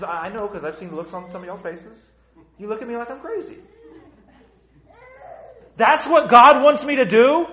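Man preaching in an echoing church; blunt, lively, swings up high when he mimics doubters. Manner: animated, acts out the voices of troubled churchgoers; blunt, conversational, asks the room rhetorical questions. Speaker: pastor. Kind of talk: sermon. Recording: roomy church reverb.

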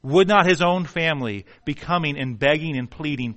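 A man preaching a sermon with passion, swinging from hushed pleading to near shouting and stumbling over words when worked up. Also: a little high, moderate pace. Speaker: pastor.

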